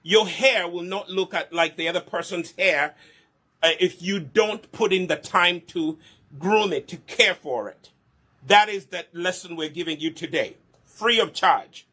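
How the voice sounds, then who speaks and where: Middle-aged man, bright tense voice, fairly high, hair care demo with a preachy, checking-in delivery. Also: unhurried. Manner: preachy, repeats questions like "Okay?" and "Do you understand me?". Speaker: hair care business co-owner demonstrating products.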